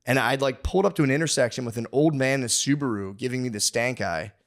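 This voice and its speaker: Talking fast in a mid-range voice, a man hosts a comedy podcast. His monologue is a long, profane story delivered as a rambling rant that sounds mock-aggressive, with constant restarts and side remarks.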